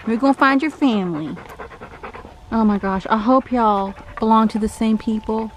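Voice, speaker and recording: This Texan woman's voice runs on the high side at a normal speed, with slight background noise. She's outdoors on hot rural land, soothingly coaxing stray dogs while casually narrating her vlog to the camera.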